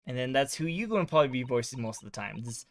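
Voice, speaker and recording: A man's voice: medium pitch, animated, fast talker. A male streamer casually recapping a game's story, rambling with lots of fillers. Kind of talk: casual game recap chat.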